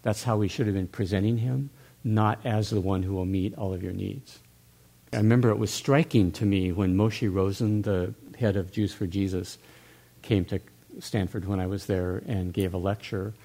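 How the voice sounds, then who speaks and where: A man's voice: fairly low pitch, fairly even intonation, normal speed, vocal fry, mellow. An older man talking earnestly in a church discussion, musing aloud with restarts.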